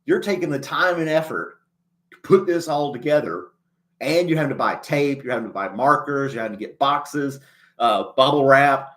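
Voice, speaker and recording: A man's voice: mid-range voice, animated, moderate pace, a bit bright. Man, casual live chat host, folksy rambling, frequent chuckles, slightly choked up. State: clearing his throat, a bit choked up.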